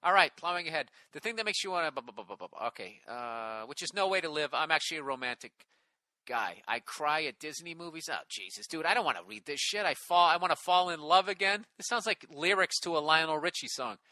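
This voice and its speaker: A man's voice: on the high side, animated, fast talker, sharp tone, no room sound. Sarcastic, profane man reading emails aloud. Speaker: podcast host reading listener emails. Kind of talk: casual comedic podcast banter.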